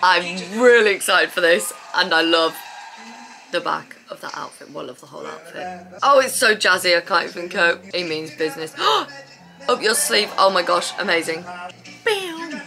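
A woman giving an excited, casual reaction commentary as a dance vlogger, gushing, gasping and exclaiming as she watches. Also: fairly low pitch, moderate pace, creaky. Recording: music playing loudly behind her.

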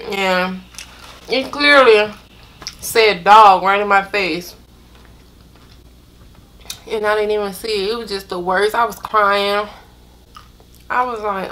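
A young woman, telling a storytime to her viewers in an animated, drawn-out way. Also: mid-range voice. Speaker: vlogger. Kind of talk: casual storytime chat.

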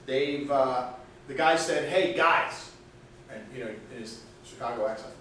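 Here a man leads a product sales training session in an upbeat, chatty way, with laughs between points. His pitch is medium and his pace moderate, with slight background noise. The mic sits far off in an echoey room, so the sound is distant and reverberant.

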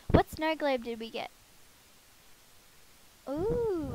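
A woman's voice: high voice, animated, a little slow, rough recording. A woman giving casual, chatty commentary while playing a life-sim game, talking to her characters and poking fun at herself. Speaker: let's play gamer. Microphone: headset.

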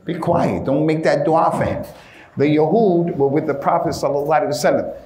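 A male preacher giving an informal, animated sermon in casual street slang, often calling his listeners "man". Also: on the high side, a little fast, reverberant.

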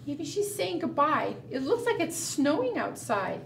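A woman librarian reading a picture book aloud at a preschool storytime, gentle and sing-song, asking the children questions. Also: sits high, big pitch swings, unhurried, gravelly, echoey room, far from the mic, a little hiss or hum.

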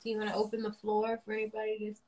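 A woman co-hosting a casual livestream chat while her mouth is sore, talking in a low-key, playful way on a phone mic. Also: completely flat delivery, rapid-fire, a little mellow. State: sore mouth after dental surgery. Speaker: livestream co-host.

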